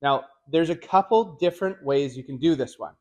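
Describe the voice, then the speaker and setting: A man with a fairly high speaking voice walks viewers through sales closing techniques. He talks in a direct, energetic coaching style, mixing in casual slang. It sounds like an instructional video. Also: normal speed. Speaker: car sales trainer.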